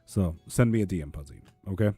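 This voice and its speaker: A man's voice: sits low, lively intonation, fast talker, mellow, breathy edge, no room sound, soft background music. A man chatting casually on a live tarot stream, reading viewers' comments aloud and swearing freely. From Sweden.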